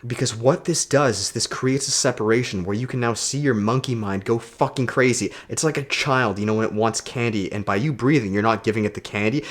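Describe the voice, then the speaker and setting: A man's voice: medium pitch, fairly quick, few pauses. A man who coaches self-development, talking straight to his camera in a casual motivational vlog, emphatic and preachy and swearing freely.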